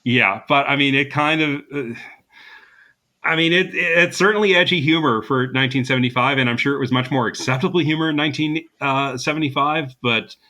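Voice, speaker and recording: Male podcast co-host, bright clear tone, chatty recap style full of ums and uhs. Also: medium pitch, a little fast. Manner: chatty, recapping with frequent fillers and laughs. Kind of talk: casual chat.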